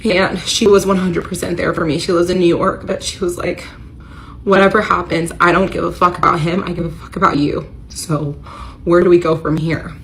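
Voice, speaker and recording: Storytime narrator: American woman, 30s, low voice, emotional, slight noise behind. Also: flat delivery, moderate pace, vocal fry, rough recording. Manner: emotional, rising to near-shouting when retelling the confrontation. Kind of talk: storytime confessional.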